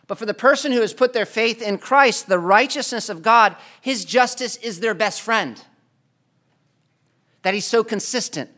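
Bright, high-voiced impassioned male preacher. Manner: impassioned, rising to loud pleading climaxes. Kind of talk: sermon.

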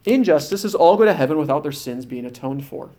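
Male preacher, fairly high voice, firm emphatic sermon teaching with scripture readings. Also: lively intonation, quick pace, mellow. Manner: reads scripture aloud with restarts and "uh" fillers.

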